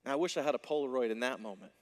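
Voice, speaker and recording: A male pastor delivering a sermon, telling the story with animated delivery and acting out the dialogue. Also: medium pitch, racing, big-room sound.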